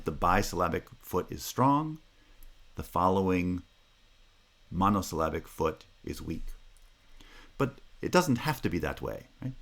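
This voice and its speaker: Deep-voiced man giving a methodical lecture. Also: vocal fry. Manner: patient, methodical, repeats key terms; occasional filler "uh" and checking "Right?". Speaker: linguistics lecturer. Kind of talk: recorded lecture explaining slides.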